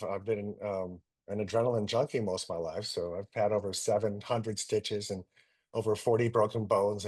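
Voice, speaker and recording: Middle-aged guy, doctor, telling stories, acts out the quotes, mid-pitched voice. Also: husky. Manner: animated anecdotes, acting out quotes. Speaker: guest doctor. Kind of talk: storytelling in a talk.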